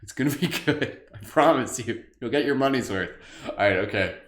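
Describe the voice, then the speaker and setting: A man's voice: mid-range voice, fairly quick, fairly bright tone, reverberant. A man hosting a live group meditation in a casual, joking way, rambling with lots of "like". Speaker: meditation host. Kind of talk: casual guided meditation livestream.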